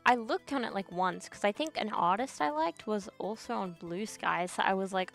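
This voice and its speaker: A woman's voice: mid-range voice, brisk, vocal fry, few pauses, a bit bright, faint music behind. A young woman streamer in a casual chat, ranting bluntly with lots of swearing and slang while reacting to chat.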